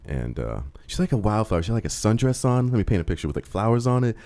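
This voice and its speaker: Deep-voiced guy in his twenties rambling fast thru a bar story, dark mellow tone, lots of um and like. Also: big pitch swings. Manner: rambling, lots of "um" and "like", acts out quotes. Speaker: co-host telling a story. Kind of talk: casual storytelling on a comedy talk show.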